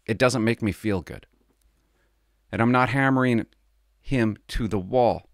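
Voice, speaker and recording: A middle-aged Canadian podcaster, once a police officer, talks casually and confidingly, rambling and laughing over his stories. He has a medium-pitched voice and an unhurried delivery, captured in clean studio sound with no room sound.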